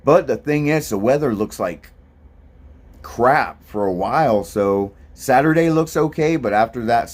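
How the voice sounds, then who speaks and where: A man's slightly mellow, mid-range voice narrates a laid-back vlog about his hike. As a thru-hiker rambling through a monologue, he sounds easygoing and says um a lot.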